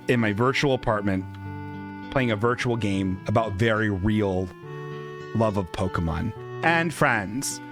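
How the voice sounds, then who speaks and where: A man hosting a comedy show, rambling and chuckling through his stories. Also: lowish voice.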